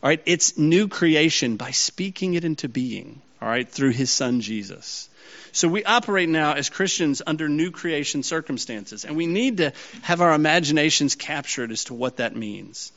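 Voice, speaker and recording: A man's voice: a little high, lively intonation, moderate pace, fairly bright tone. A man preaching a sermon and teaching a congregation, who often checks that his listeners are following. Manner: checks in with the audience often, asking if they follow. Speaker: pastor. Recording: slightly dull lo-fi sound.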